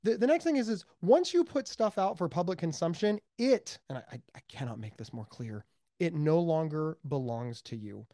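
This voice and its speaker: An American man being interviewed as a mental health advocate, speaking emphatically and with high energy, repeating words for stress. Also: lively intonation, normal speed, dark tone, no room sound, studio quality. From United States. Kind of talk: animated interview talk.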